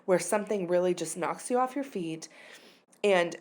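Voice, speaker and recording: A woman's voice: on the low side, moderate pace. A woman in her thirties hosting her own podcast, talking openly about a hard personal moment in a casual, confessional way, full of "like" and "you know", her voice sometimes close to tears. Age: 30s. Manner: candid and confessional, uses many fillers like "like" and "you know". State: emotional, voice near tears at times. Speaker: podcast host.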